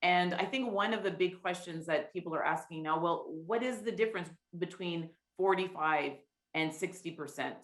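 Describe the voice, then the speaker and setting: A woman with a notably low voice moderates a panel discussion over a video call. She talks haltingly, with plenty of restarts and fillers. Her voice carries a roomy echo. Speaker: party leader hosting a virtual roundtable.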